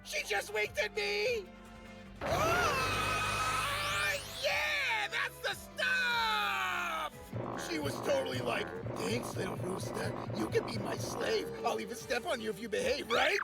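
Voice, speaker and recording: An actor voicing a brash, crude, excitable young male pirate with a New York accent in an anime dub, shouting and boasting. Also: very high voice, vocal fry, heavily acted. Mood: giddy. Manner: shouty, boastful, quickly checks himself. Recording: anime clip with loud music behind.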